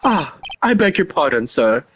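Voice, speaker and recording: A man's voice: a little high, sing-song, moderate pace, noisy background. A man doing a fussy, formal young bellboy. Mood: polite. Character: overly polite young male hotel bellboy. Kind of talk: voice acting a game playthrough.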